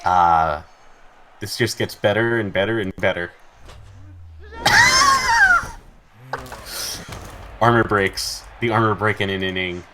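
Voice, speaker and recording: A man's voice: low-pitched, moderate pace, background noise. A man casually commentating his own video game match, joking dryly and talking to his game pieces. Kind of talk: casual gameplay banter.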